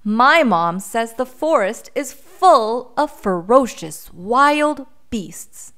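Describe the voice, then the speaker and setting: A woman voicing a small lost boy who talks in a high, anxious way in a storybook reading. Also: animated, extremely slow, a bit bright, clean tone, full character voice. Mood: insistent.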